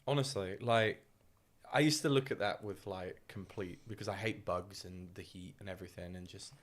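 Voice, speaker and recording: رجل بصوت منخفض يتحدث بحماس. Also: male voice, deep voice, moderate pace. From United Kingdom. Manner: animated, swearing, acts out quoted people. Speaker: podcast co-host. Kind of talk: casual chat.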